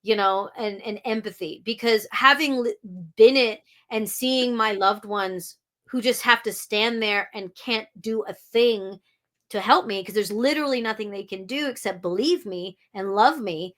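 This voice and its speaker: A medium-pitched, fairly bright woman's voice, delivered unhurriedly. As a podcast guest who also narrates audiobooks, she speaks frankly in an interview, with many false starts and blunt swearing.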